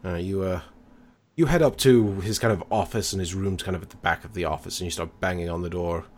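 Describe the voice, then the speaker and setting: Relaxed male game master, lowish voice. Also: brisk. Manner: relaxed, hesitant with many fillers. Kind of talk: narrating a tabletop game.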